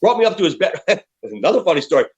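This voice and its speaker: Male rock musician in his 50s, blunt and profane, slightly high voice that swings widely. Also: rapid-fire, lo-fi sound. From United States. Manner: profane, animated storyteller. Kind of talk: candid interview storytelling.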